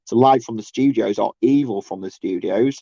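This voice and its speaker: In a casual livestream rant, a man with a dark, mellow, creaky voice halts, restarts his thoughts often, and mocks others in sarcastic high bursts. The audio is dull, lo-fi, close and dry, with no room sound.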